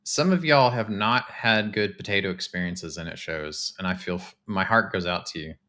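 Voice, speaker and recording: Chatty man, bright tense voice. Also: deep voice, normal speed. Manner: chatty, excitable, talks to chat. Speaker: streamer touring game houses. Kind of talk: casual live-stream commentary.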